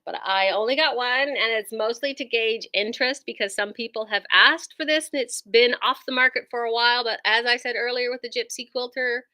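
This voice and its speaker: A woman's voice: a little high, bright, forceful tone. Bubbly woman showing quilting gadgets. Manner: chatty and enthusiastic, lots of fillers. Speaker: quilt shop owner. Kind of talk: casual product demo.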